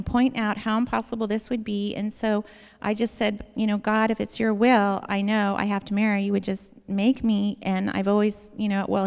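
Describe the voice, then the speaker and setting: Earnest woman with a gravelly voice in a hall. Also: medium pitch, darkish tone. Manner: earnest, rambling storytelling. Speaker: speaker giving a personal testimony. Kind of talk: personal faith testimony to an audience. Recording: long hall reverb.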